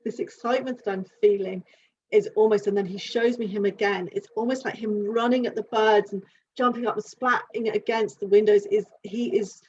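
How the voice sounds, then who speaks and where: Halting woman giving an animal reading. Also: mid-range voice, steady tone, a little mellow. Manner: halting, searching, thinking aloud. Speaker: animal communicator. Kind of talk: live reading session. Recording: dull lo-fi sound with faint hiss.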